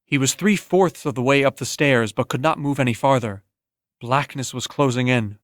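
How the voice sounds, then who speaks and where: A man narrating an audiobook in a steady, even storytelling manner, close to the mic. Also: medium pitch, normal speed, no echo. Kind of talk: scripted narration.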